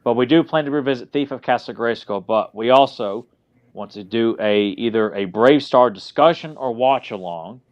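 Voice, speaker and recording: A man's voice: medium pitch, normal speed, dull audio. A man hosting a podcast, chatting casually with co-hosts and often restarting his sentences. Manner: rambling, repeats words when starting sentences. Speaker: podcast host. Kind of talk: casual group chat.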